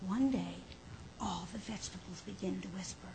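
A woman reading a children's story aloud, gently and expressively. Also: medium pitch, normal speed, vocal fry. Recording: hall with faint background noise.

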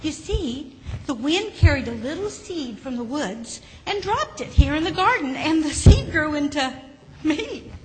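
A woman voicing a gentle, sad little male raspberry bush in a children's story, pitched up and pleading. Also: sing-song, unhurried. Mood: hopeful. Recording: hall with faint background noise.

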